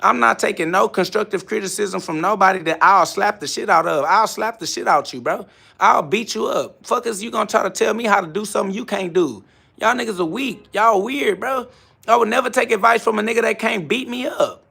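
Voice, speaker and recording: A man's voice: sits high, a little fast, vocal fry, pushed and bright, slightly rough. A man hosting a live stream from his garage gym, answering viewer comments in a brash, boastful, repetitive rant. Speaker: livestream host.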